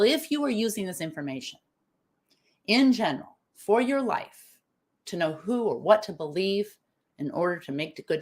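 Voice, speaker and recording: A woman hosting a live online talk, emphatic and animated, asking her audience questions as she goes. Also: mid-range voice. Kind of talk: lively live-stream talk.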